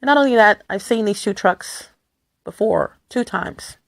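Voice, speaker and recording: A woman talks straight to her viewers in a loose, wandering monologue. Her voice has a gravelly, creaky texture and sits lower and rougher than usual. She hammers her points home by repeating words in rapid runs. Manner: emphatic, repeats words in bursts. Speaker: vlogger. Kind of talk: casual rambling monologue to viewers.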